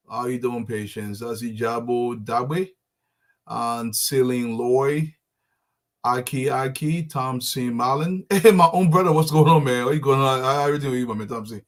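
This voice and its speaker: A man hosts a casual live show, greeting viewers by name in a friendly, rambling way with many fillers and restarts. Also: mid-range voice. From Liberia. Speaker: show host.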